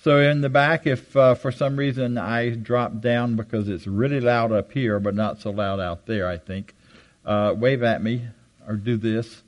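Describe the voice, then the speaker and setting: Older guy telling stories to a crowd, animated, jokes at his own expense. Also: a little slow, rough recording. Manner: animated, jumps high for quoted voices; self-deprecating humor. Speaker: guest speaker. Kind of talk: storytelling talk to a live audience. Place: hall with audience. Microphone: handheld microphone.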